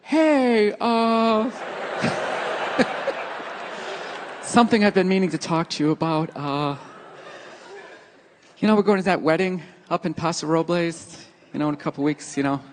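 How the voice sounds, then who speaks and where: A man voicing a timid wife who hesitates softly through a request, full of ums and uhs. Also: high-pitched, takes it slowly, long pauses, a little hiss or hum, pitched below the performer's own voice. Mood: tentative.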